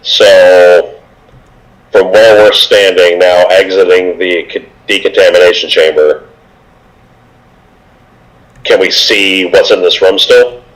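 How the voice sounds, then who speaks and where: A man's voice: sits low, fairly even intonation, slow, long pauses, poor audio. A man playing a tabletop game, talking plainly and decisively. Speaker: player. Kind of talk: casual game talk.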